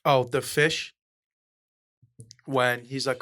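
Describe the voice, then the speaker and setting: A man chatting casually on a podcast at an ordinary pitch for a man. He retells movie scenes at an easy pace and quotes the lines along the way. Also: steady tone, takes it slowly, a bit bright. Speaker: podcast co-host. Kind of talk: casual chat.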